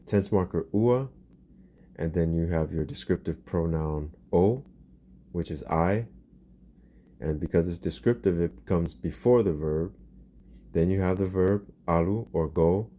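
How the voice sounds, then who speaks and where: A man explains grammar in an unhurried lesson. His voice is very low and mellow. He takes his time, repeating each example phrase with patience. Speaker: language teacher.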